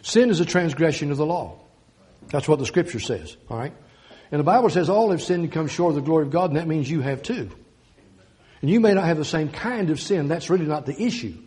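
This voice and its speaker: A man preaching a sermon, declaiming scripture slowly and swinging from loud emphasis to quiet intensity. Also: on the high side, animated.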